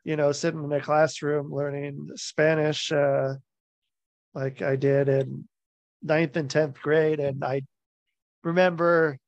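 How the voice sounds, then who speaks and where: A man hosts a podcast, talking very slowly and haltingly as he gropes for words, in a slightly high voice. The sound is dry and close, with a dull lo-fi quality. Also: little pitch movement, no room sound. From United States. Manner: halting, searching for words, many fillers. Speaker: podcast host. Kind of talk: casual interview conversation.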